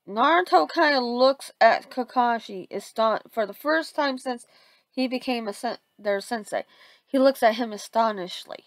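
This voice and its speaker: A woman's voice: fairly high pitch, normal speed, no echo, rough recording. A woman casually retelling a fan story, rambling with frequent restarts.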